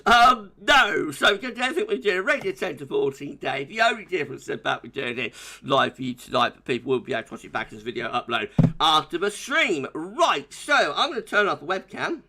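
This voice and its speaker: A young man hosts a live-streamed weather forecast, chatting with viewers and reading their comments aloud. His voice is tense and very bright, slightly high, and swings freely up and down in pitch. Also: sing-song, a little fast, slight background noise.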